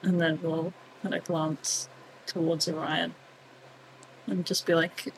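Female tabletop player, gravelly voice, playful and loose, faint noisy line. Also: low voice, little pitch movement, takes it slowly, long pauses. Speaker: tabletop role-play player. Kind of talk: casual role-play narration. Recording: faint background noise.

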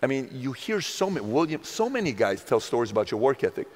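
Excitable interviewing man in a reverberant room. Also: medium pitch, quick pace. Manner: animated fan, sarcastic asides. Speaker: interview host. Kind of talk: casual interview chat.

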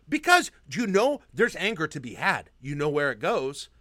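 A man's voice: a little high, very animated, moderate pace, hardly any pauses, pushed and bright, dry recording, studio quality. A man co-hosting a casual sports podcast, teasing his partner and making his case like a mock-preacher. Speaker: podcast co-host.

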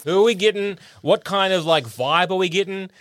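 A man's voice: high-pitched, fairly quick, no echo. A man co-hosting a casual podcast chat, hesitant and full of fillers. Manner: hesitant, many fillers and agreeing yeahs. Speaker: podcast co-host.

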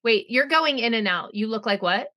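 A middle-aged woman co-hosting a podcast, chatting casually and reading out thanks, emphatic and quick to react with blunt humor. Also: fairly high pitch, lively intonation, bright, forceful tone. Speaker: podcast co-host. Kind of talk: casual chat and show reading.

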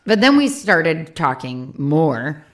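A woman's voice: low voice, sing-song, takes it slowly. A woman co-hosting a casual chat, laughing often and trailing off while she recalls a story.

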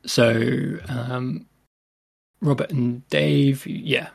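A man hosting a podcast with a casual intro. He talks haltingly and leans on lots of fillers. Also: medium pitch, steady tone, creaky, breathy edge. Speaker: podcast host.

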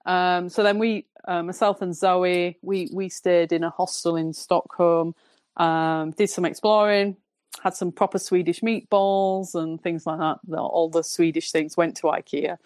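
A woman with a Northern English accent, a podcast guest telling a rambling, relaxed story in casual chat. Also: fairly low pitch, measured pace, no room sound, clean studio sound. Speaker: podcast guest, football fan.

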